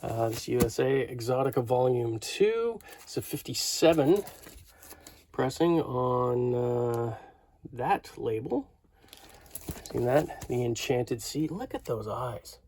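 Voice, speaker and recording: Man, fifties, from Canada, casual vlog, rambling, enthusiastic, mid-pitched. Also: lively intonation, slow pace, darkish tone, a little hiss or hum. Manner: rambling, enthusiastic, many fillers. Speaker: record collector vlogger.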